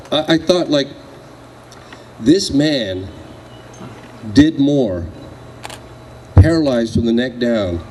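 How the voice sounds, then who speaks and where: A man's voice: medium pitch, mellow, a little hiss or hum. A middle-aged man giving a memorial speech, rambling through anecdotes and quoting his late father. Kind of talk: eulogy with anecdotes. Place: memorial gathering room.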